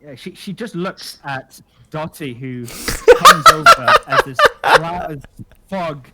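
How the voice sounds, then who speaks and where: A man's voice: fairly high pitch, huge pitch swings, slow, heavy background noise. A man narrating as dungeon master for a tabletop game, describing the scene with a laugh in his voice.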